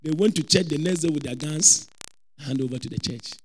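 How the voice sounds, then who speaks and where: A man preaching a lively sermon with a Ghanaian accent, repeating phrases and shouting for emphasis. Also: on the high side, a little fast, noisy background.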